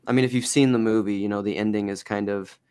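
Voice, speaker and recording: A man co-hosting a livestream, chatting in a relaxed, rambling way. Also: on the low side, fast talker, clean tone. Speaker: livestream co-host. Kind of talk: casual chat.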